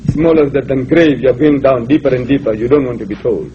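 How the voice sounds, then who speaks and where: An older South African man gives an emphatic, rhetorical public lecture in a university hall, quoting scripture. His voice is medium-pitched and fairly quick. The lecture recording is dull and lo-fi, with a noisy background.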